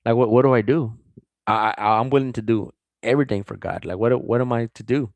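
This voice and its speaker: A man reading Bible verses slowly and then commenting on them in a loose, casual way, full of likes and restarts. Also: medium pitch, a little mellow, no room sound. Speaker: Bible study vlogger.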